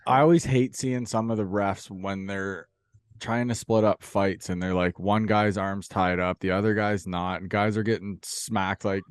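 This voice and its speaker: A male podcast host asking relaxed questions in a casual chat, laughing easily and swearing now and then. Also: fairly low pitch, normal speed, smooth, dry recording, studio quality.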